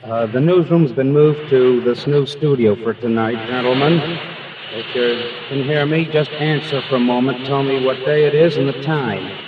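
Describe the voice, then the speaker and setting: A man in a newsroom on a 1940s radio broadcast, calling up remote stations with brisk, businesslike cues. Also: medium pitch. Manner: brisk, businesslike call-outs. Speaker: newsroom coordinator. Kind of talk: live radio cue calls. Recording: distant muffled old broadcast with static.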